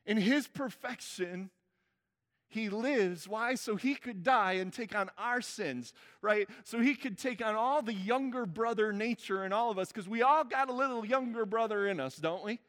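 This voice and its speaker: A man with a high-pitched, fairly bright voice preaches at a moderate pace in a conversational way, often checking in with the congregation. Church hall reverb colors the recording.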